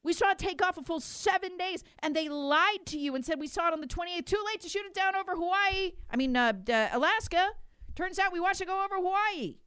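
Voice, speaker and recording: A woman's voice: extremely high pitch, expressive, fairly quick, fairly bright tone, dry recording, studio quality. A middle-aged woman co-hosting a political talk show, emphatic and indignant, with sarcastic mock quotes. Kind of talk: political commentary chat.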